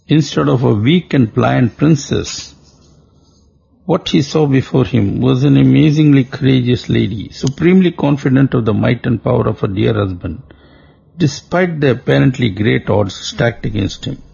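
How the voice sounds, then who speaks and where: A man narrating an epic tale in a formal, deliberate storytelling manner, heard on a dull lo-fi recording. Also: mid-range voice, gravelly, mellow, husky.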